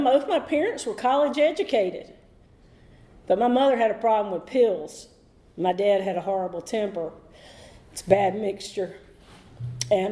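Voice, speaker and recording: A woman's voice: mid-range voice, mellow. Candid woman telling her story. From North Carolina. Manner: candid, rambling, emotional at times. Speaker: AA meeting speaker. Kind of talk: personal recovery talk. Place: meeting room.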